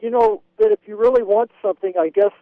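A man's voice: high voice, fast talker, dry recording. A man from Wyoming calling in to a radio show, eagerly retelling a travel story and acting out the quotes. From Wyoming, USA. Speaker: caller. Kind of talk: phone-in storytelling. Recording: tinny phone line.

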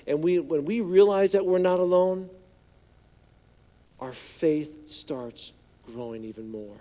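A male pastor preaching a sermon in a conversational, joking way, slipping into hushed voices for quoted lines. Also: on the high side, lively intonation, normal speed. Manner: conversational, playful asides, acts out quotes in hushed voice.

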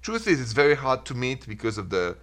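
French-accented male advice host, upbeat call-in patter, average pitch. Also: sing-song, a little fast, fairly bright tone. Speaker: radio advice show host.

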